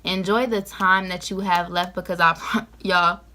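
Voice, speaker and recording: Talking directly into the camera, a Georgia teenager in her late teens offers casual vlog advice, lively and peppered with "you know what I'm saying." Her lowish voice keeps a measured pace over slight background noise.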